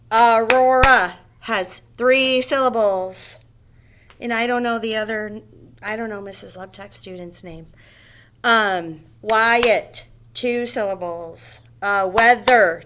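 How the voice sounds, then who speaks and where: A woman teaching a phonics lesson to first graders, slowly and patiently explaining each step and checking in with the children. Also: medium pitch, fairly bright tone.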